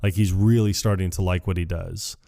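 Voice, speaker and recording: Animated man recapping a movie. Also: low-pitched, fairly quick, creaky. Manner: retells scenes animatedly, acting out quotes with laughs. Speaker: podcast co-host. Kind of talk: casual movie recap chat.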